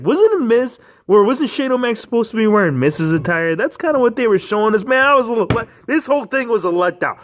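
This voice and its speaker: A man with a slightly high voice gives a casual spoken recap for his channel. He talks in an excitable way, breaking into asides and playful mock outrage. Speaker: toy figure reviewer.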